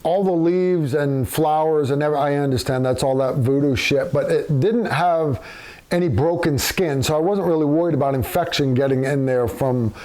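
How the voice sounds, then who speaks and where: A man's voice: on the high side, darkish tone. A man telling a casual, profane war story in a blunt, rambling way, full of fillers.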